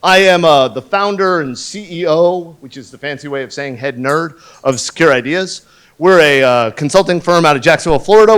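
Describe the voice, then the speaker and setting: A man in his fifties giving a conference talk from a stage, blunt, profane and joking. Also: a little high. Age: 50s. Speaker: conference speaker.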